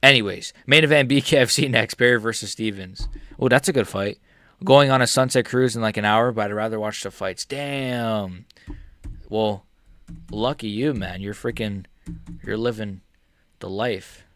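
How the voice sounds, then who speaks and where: A young male MMA streamer reacts live to a fight for his audience, lurching from angry shouted insults to frustrated muttering while swearing heavily and addressing viewers by name. His voice is lowish, his speed normal, and the recording is dry.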